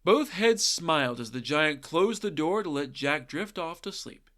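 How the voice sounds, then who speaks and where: A man's voice: fairly high pitch, animated, unhurried, a bit bright. A man retelling a folktale as a podcast host, irreverent and sarcastic, often swearing and adding asides. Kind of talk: comedic narration of folktales.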